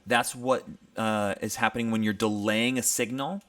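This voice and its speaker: A man with a lowish voice talks through a casual livestream mixing lesson from his home studio. He speaks loosely and conversationally, thinking aloud with frequent ums. He explains each step as he tries out sounds on his computer. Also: steady tone, moderate pace, fairly bright tone. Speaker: music producer teaching mixing.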